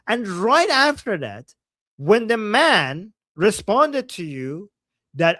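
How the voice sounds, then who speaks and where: Man, livestream host, high voice, heated swearing rants, reads chat aloud, dry close sound. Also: sing-song, no room sound. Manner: heated, swears freely, quick swings from soft to loud. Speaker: livestream host reacting to clips. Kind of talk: casual reaction commentary.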